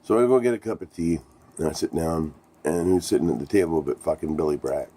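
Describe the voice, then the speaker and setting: A man's voice: rumbling low, a little fast, warm tone, breathy edge. A middle-aged man, a musician, telling a band story to his viewers in a rambling, profane and enthusiastic way. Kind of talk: casual storytelling vlog.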